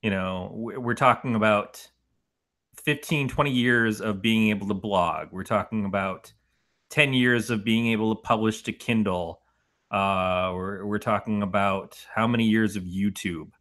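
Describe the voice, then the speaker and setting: A middle-aged man co-hosting a horror movie podcast in casual chat, animated and profane, rambling through his points. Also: on the low side, unhurried. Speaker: podcast co-host.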